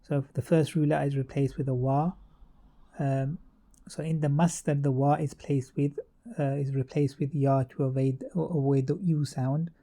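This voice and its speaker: A man's voice: medium pitch, little pitch movement, moderate pace, mellow. A man teaching an Arabic grammar lesson, walking through verb charts step by step with frequent fillers and self-corrections.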